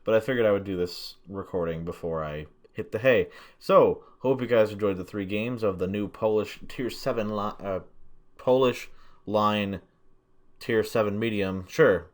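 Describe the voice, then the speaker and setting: A tired young man talking through his own tank game in a flat, monotone commentary, swearing now and then. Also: on the low side, moderate pace. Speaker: gameplay commentator. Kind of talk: gameplay commentary.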